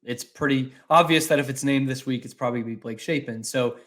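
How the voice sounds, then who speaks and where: A man's voice: medium pitch, quick pace, fairly bright tone. A man co-hosting a casual sports podcast, agreeable and easygoing, asking his partner questions. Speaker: podcast co-host.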